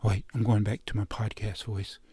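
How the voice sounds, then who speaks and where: A man's voice: on the low side, level tone, moderate pace, dark tone, slightly rough, no echo. A man chatting casually as a hobby vlogger at home, rambling on and chuckling at himself. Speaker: toy collecting vlogger. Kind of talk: casual chat. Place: room at home with posters on the walls.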